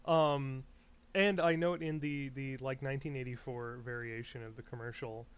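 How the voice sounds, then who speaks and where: A man's voice: medium pitch, steady tone, moderate pace, clean tone. Wry male podcast co-host. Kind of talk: casual chat.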